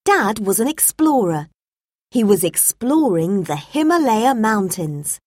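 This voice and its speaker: A woman reading a children's storybook aloud as narrator, in a clear, measured way. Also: lowish voice, expressive, no echo, studio quality.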